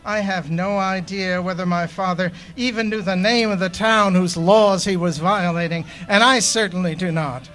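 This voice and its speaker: Man, poet, live reading, measured and unhurried, high-pitched, faint music behind. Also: steady tone, fairly bright tone. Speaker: poet reading his own work. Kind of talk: live poetry reading of memoir prose. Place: poetry festival stage.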